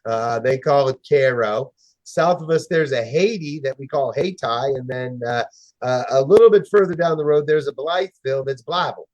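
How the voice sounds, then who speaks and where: A man who runs a history museum, talking as a guest in a casual interview, friendly but often pausing on fillers while he hunts for details. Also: medium pitch, a little mellow, no room sound, dull audio. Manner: hesitant, pauses often with fillers.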